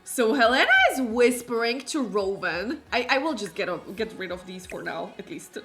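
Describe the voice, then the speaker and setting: A woman streamer chatting casually through a gameplay session, exclaiming often and filling pauses with "like" and "um". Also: a little high, lively intonation. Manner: chatty, exclamatory, many fillers. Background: faint game music.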